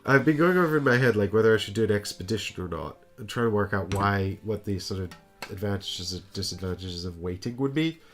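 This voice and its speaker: A man's voice: lowish voice, lively intonation, fast, soft background music. A man hosting a casual board game play-through, thinking aloud and joking as he plays. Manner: thinks aloud while playing, playful. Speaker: board game show host.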